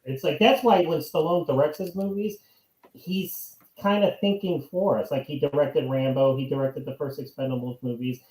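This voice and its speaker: Animated man ranting, echoey room. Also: fairly high pitch, normal speed. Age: 40s. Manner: animated, rambling, repeats "it's like", mock outbursts. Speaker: co-host of a movie podcast. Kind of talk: casual chat.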